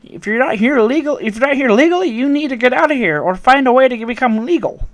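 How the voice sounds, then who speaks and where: A man putting on the voice of a cranky elderly woman who scolds in a shrill, ranting way. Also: animated, fast talker, no echo.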